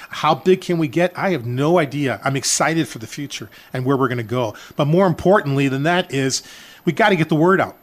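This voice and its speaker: A man's voice: fairly high pitch, animated, fairly quick. An older man, a charity organizer, telling an emotional personal story to listeners, with many "uh" fillers. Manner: addresses listeners as folks, frequent uh fillers.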